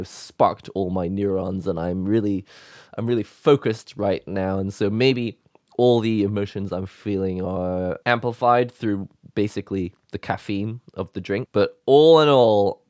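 A man hosting a casual vlog, talking excitedly and emotionally in a rambling way. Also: lowish voice, no echo, clean studio sound. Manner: excited, rambling, with laughs and sighs. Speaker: YouTube host.

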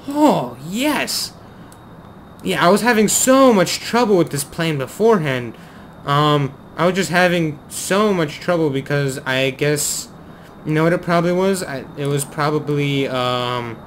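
A man hosting a let's play, commentating excitedly to himself as he flies, at a desk mic at home. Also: a little high, a little hiss or hum. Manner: excitable, talks to himself while flying. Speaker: gaming video host.

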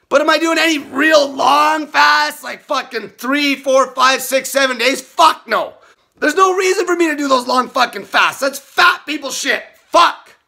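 Male fitness vlogger, very high voice, tense and sharp tone, profane shouting rants. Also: creaky. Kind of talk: ranting vlog monologue.

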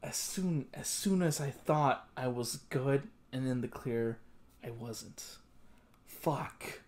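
Man slow-talking, swearing anime reactor. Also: mid-range voice, darkish tone. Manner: exasperated, swears a lot, repeats himself; drops into muttered whispers. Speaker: anime reaction channel host. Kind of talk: casual reaction commentary.

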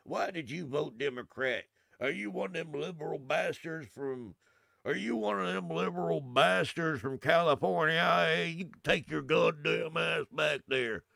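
A man voicing a hostile small-town redneck local in a slow, sneering drawl. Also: on the high side, gravelly, bright, forceful tone, dry recording, full character voice. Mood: scornful.

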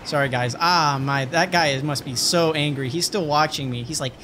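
A young man streaming a video game, loud and hyper, swearing and trash-talking other players as he plays. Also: on the high side, normal speed, slight background noise. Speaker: gaming streamer. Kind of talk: excited gameplay commentary. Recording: music playing behind.

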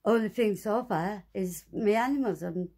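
Woman, mid-pitched and mellow, venting and cursing at her neighbours' noise. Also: normal speed, husky. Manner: swearing, exasperated ranting. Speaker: vlogger. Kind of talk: angry monologue to camera.

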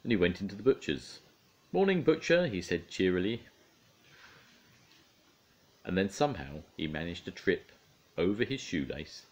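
An older man, a grandfather, reading a children's bedtime story aloud in a playful, expressive way. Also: low voice.

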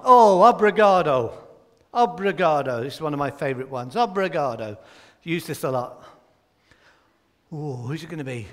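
A man's voice: on the high side, long reverb tail. A man giving a playful children's talk in a church service, quizzing the children by name and joking as he goes.

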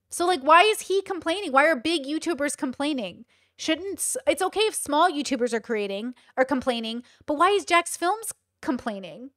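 A woman's voice: high-pitched, a bit bright, no room sound, studio quality. A young woman hosting casual commentary, chatty and full of "like" fillers. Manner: chatty, many 'like' fillers. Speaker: host.

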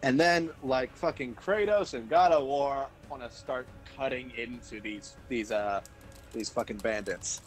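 A young man playing a tabletop game describes his character's moves in a casual, offhand way. He swears freely and thinks out loud. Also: mid-range voice, unhurried, faint music behind. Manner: profane, offhand. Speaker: player.

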